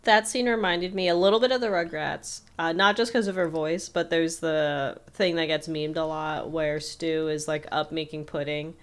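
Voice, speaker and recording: Brief: woman co-host, lowish voice, easy conversational quips. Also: steady tone, normal speed, hardly any pauses, clean tone. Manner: chimes in with short quips and laughs. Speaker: podcast co-host. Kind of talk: casual chat.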